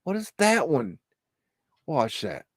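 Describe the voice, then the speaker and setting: A male livestream host talks through archive photos on a live show, hesitant and rambling, often muttering exclamations and swearing when something spooks him. His slightly high voice swoops wildly in pitch at a slow pace, recorded with studio quality and no echo.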